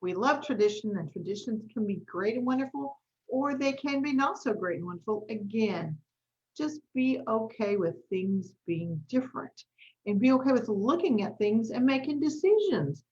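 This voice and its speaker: A woman's voice: fairly high pitch, lively intonation, normal speed, darkish tone, highs cut off. Chatty woman coaching host. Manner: chatty, storytelling, says y'all. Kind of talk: casual live-stream talk.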